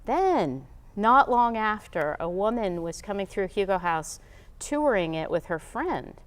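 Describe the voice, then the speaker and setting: A middle-aged woman with a smooth, resonant voice spins an anecdote for an interviewer. She talks in an animated way, slipping into the voices of the people she quotes. Her pitch sits in a middle range. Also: a little slow, in a large hall. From United States. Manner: lively, animated storyteller who acts out quotes. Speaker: guest. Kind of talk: casual storytelling interview.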